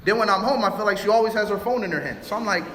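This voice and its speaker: A man from Chicago giving a relationship talk, animated, acting out both sides of arguments in his stories. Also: high voice, racing. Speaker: youth speaker. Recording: roomy hall reverb.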